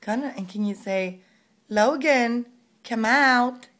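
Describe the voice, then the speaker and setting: A woman's voice: on the high side, slow pace, a bit bright. A pregnant mother filming at home, coaxing her toddler with sing-song, encouraging questions.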